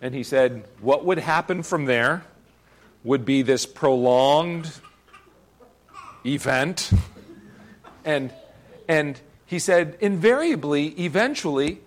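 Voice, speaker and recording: A man's voice: a little high, expressive, slow pace. A man preaching a sermon, earnest and emphatic, often repeating words as he presses a point. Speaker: pastor.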